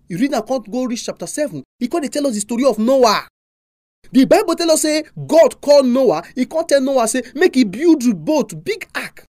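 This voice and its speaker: Animated preacher with a Nigerian accent. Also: mid-range voice, no room sound, studio quality. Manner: animated, emphatic rhetorical questions. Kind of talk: sermon.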